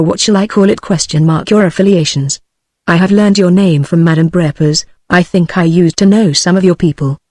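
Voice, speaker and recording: A synthetic British woman's voice reading the lines of an earnest, learned older woman in an audiobook, with an even, measured delivery. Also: fairly low pitch, dry recording, clean studio sound, natural voice. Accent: British English.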